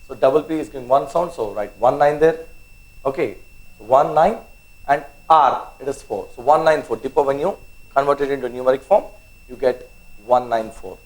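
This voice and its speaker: A man's voice: medium pitch, normal speed, low-quality recording. A man giving an online maths lesson, spelling out words letter by letter and checking in with the students after nearly every sentence. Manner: repeats "okay?" often, spells out words letter by letter; coaxing, urges students on. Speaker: maths teacher.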